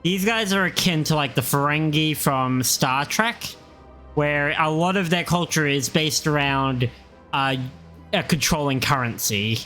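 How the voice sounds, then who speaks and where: A man giving live commentary on a video game, his voice fairly high and bright. He chats casually and animatedly, swearing now and then. Faint game music plays underneath. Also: a little slow. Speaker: game streamer.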